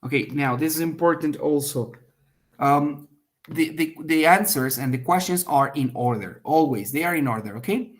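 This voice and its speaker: A man leads an online test prep lecture, explaining each step in turn and frequently checking in with "okay?". His voice is on the high side and moderately paced, and he acts out example lines with sharp emphasis.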